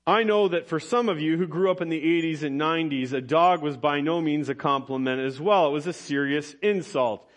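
A man's voice: a little high, brisk, few pauses. A man preaching a sermon to his congregation, explaining scripture with light personal humor and emphatic repetition. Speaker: pastor.

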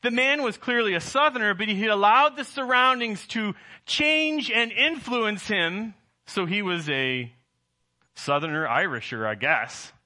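Bright-voiced pastor preaching a sermon. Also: male voice, high-pitched, measured pace. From Southern United States. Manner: rhetorical questions to the congregation, animated rises and drops.

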